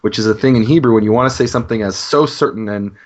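Direction: Man teaching scripture with eager, halting enthusiasm. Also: lowish voice, a little mellow. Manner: earnest, enthusiastic, halting with fillers. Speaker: Bible teacher. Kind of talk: scripture discussion.

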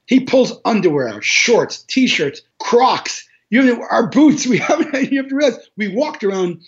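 A man, a charity organizer giving an interview, telling a war story in an animated way, with restarts and laughs. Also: very high voice, unhurried. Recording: dull lo-fi audio.

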